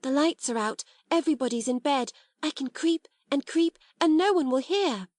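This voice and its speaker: A woman reading an audiobook, voicing a timid, eager schoolgirl who talks in quick, gasping bursts. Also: sits high, lively intonation, a little mellow, no echo, voice pushed up. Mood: excited. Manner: gasping, quick, breathless chatter.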